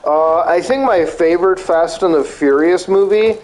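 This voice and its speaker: High-voiced man ranting while gaming. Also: moderate pace. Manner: profane, animated ranting. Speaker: streamer. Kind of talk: casual chat while gaming.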